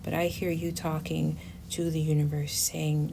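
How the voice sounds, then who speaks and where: A woman's voice: low-pitched, a little slow, creaky. A woman giving a casual tarot reading to her viewers, chatty and emotive, often dropping to a near whisper. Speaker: tarot reader. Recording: steady background noise.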